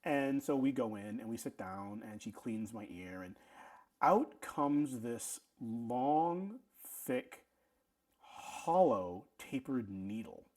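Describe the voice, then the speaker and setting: A middle-aged man telling a casual story, animated, often stammering and restarting his sentences. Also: mid-range voice, slow. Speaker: vlog host telling a story.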